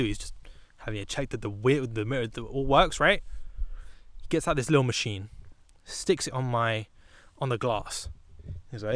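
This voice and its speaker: A young British man telling a comic storytime vlog, animated, with sudden loud bursts. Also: medium pitch, brisk, long pauses, no echo. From Britain. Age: young adult. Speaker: vlogger.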